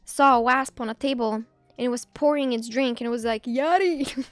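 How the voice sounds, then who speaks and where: High-voiced Bulgarian streamer woman. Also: steady tone, a little fast, no room sound. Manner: chatty, teasing, reads chat aloud. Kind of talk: casual gaming livestream chat.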